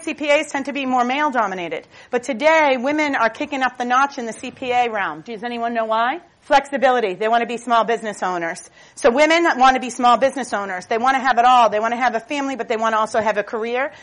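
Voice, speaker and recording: Lively woman giving a stage talk. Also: a little high, quick pace. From Boston. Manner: lively, chatty storyteller; jokey, self-mocking asides. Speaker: motivational speaker.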